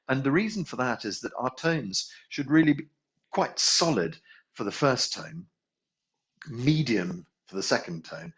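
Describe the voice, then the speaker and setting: A man's voice: medium pitch, a bit bright. A man teaching a healing class, musing aloud, correcting himself and chuckling as he goes. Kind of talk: relaxed spoken class instruction. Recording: dull lo-fi recording.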